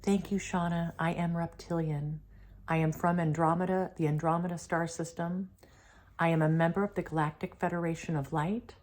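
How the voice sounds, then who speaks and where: A woman voicing a polite, humble male reptilian being from space who speaks softly and formally. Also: on the low side, fairly even intonation, normal speed, lightly acted. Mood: gentle. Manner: soft-spoken, formal and courteous.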